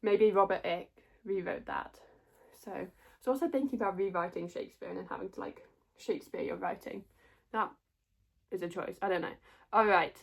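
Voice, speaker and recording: A woman's voice: mid-range voice, normal speed, vocal fry, long pauses, slightly rough. Chatty young woman rambling. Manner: rambling, self-correcting, chatty. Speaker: theatre reviewer. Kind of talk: casual spoken review.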